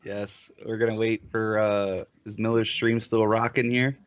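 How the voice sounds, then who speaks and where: A man's voice: on the low side, little pitch movement, measured pace. A man doing casual, teasing commentary on a live online hockey league stream. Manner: joking, teasing banter. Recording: dull lo-fi stream audio.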